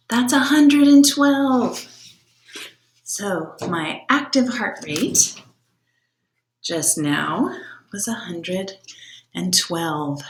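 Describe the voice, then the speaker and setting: A woman's voice: on the high side, slight background noise. A woman teaching a lesson to young children, patient and step by step, asking them questions. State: out of breath after exercise. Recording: echoey room.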